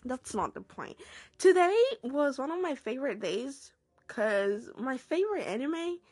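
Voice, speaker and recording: A woman's voice: sits high, big pitch swings, measured pace, darkish tone, no room sound, studio quality. A young woman hosting her own podcast, ranting in a casual, slangy, exclamatory way. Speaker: podcast host. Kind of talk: casual solo rant.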